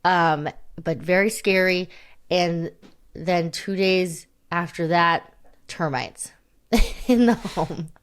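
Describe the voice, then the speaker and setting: Her voice is on the low side, slow and smooth. She's a young woman co-hosting a podcast, casually rambling with self-deprecating humor and frequent laughter.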